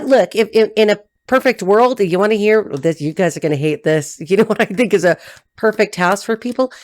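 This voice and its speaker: A woman reading tarot who chats off the cuff, rambling and swearing freely, laughing often and jumping between low asides and high excited bursts. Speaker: tarot reader and life coach. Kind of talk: casual unscripted chat to camera.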